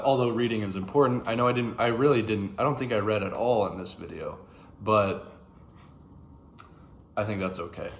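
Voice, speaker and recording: A man with a low voice rambles through a casual, animated breakdown of an ancient epic. He stumbles and fills gaps with ums, recorded in a roomy space with faint ambience behind him. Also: a little hiss or hum. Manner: rambling, animated, frequent fillers. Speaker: book channel host. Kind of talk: casual classics commentary to camera.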